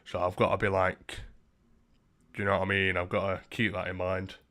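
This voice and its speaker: Crude rambling man, low voice. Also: completely flat delivery, fairly quick, pushed and bright. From Britain. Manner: crude, rambling, swears a lot. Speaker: livestreamer. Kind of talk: casual livestream chat.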